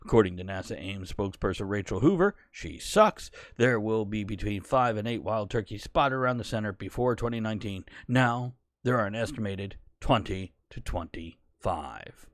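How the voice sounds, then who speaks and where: A man doing a booming mock newscaster. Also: expressive, moderate pace, hardly any pauses, no room sound, clean studio sound, lightly acted. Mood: pompous. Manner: loud booming delivery. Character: male mock newscaster, pompous announcer. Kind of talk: mock news reading.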